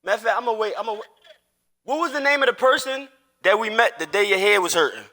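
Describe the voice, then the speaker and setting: Man, casual gaming chat, teasing, cursing, high voice, bright tone. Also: expressive, fast talker. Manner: profane, teasing, rambling. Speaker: streamer and father.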